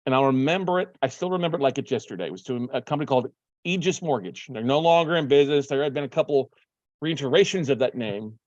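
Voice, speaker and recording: A man's voice: medium pitch, animated, quick pace, a little mellow, no room sound, lo-fi sound. A man hosting a show, telling a story casually and acting out his own phone calls. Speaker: podcast host.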